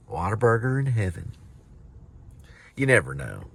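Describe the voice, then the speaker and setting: A man's voice: on the low side, creaky, husky, recorded from a distance. A man driving deliveries, chatting casually in a folksy way from inside his car. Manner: chatty, folksy running commentary. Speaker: delivery driver and vlogger. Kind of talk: casual narration while driving. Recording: loud car road noise.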